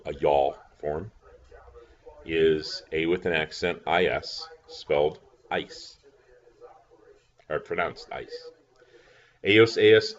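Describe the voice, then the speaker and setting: A man's voice: rumbling low, lo-fi sound. A man teaching a recorded lesson, patient, spelling words out letter by letter. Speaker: language teacher.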